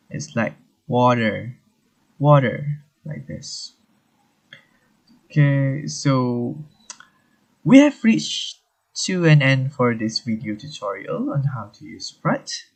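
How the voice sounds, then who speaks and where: Young male student walking through a tutorial, unhurried and halting, slightly husky. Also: mid-range voice, darkish tone. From Malaysia. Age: young adult. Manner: unhurried, halting, talks through on-screen steps. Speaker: student presenter. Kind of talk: screen-recorded software tutorial.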